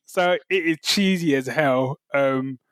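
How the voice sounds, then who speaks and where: A man's voice: a little high, a little fast, no echo. A man co-hosting a casual podcast chat, telling stories with animation and humming theme tunes as he goes. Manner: animated storyteller who hums theme tunes. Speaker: podcast co-host.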